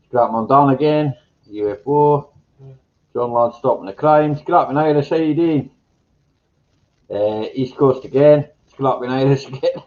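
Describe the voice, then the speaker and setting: A man hosting a casual live chat, greeting viewers by name in a slow, meandering way and chuckling to himself. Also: mid-range voice, highs cut off. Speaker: live stream host. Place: home room with green screen.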